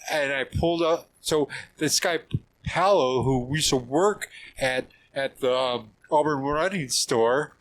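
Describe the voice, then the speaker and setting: A middle-aged man, a trail runner, telling stories as a podcast guest in an animated way, with many restarts. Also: mid-range voice, a little slow, poor audio. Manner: animated, acts out quoted voices, frequent restarts and laughs. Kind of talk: casual storytelling interview.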